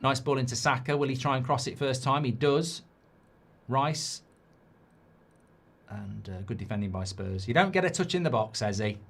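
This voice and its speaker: A man's voice: medium pitch, moderate pace, long pauses. A middle-aged man hosting a live football watchalong, ranting and swearing, mocking people in whiny voices and reading chat messages aloud.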